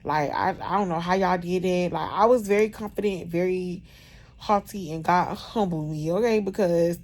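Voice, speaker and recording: Chatty woman recounting a birth, lower pitch. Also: normal speed. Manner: animated, chatty, lots of "like" and "bro". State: recovering after surgery, in discomfort. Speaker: vlogger. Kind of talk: casual storytelling to camera.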